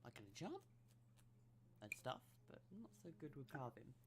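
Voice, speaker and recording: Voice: medium pitch, huge pitch swings, normal speed, noisy background. A tabletop game player speaking in character in an eager, chatty way. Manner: eager, chatty, laughs easily. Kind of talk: casual in-character role-play.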